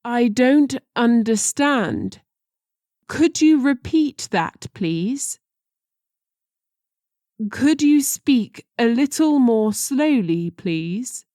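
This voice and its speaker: Slow, careful woman reading phrases. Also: on the high side, lively intonation, dark tone, no room sound, studio quality. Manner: slow and deliberate, careful pronunciation. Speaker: language teacher.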